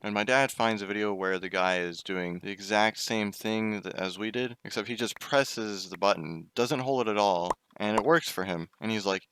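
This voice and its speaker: A man's voice: on the low side, moderate pace, sharp tone, slight background noise. A young man telling a casual story while gaming, chatty, swearing and breaking off to react to the game. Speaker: gaming YouTuber.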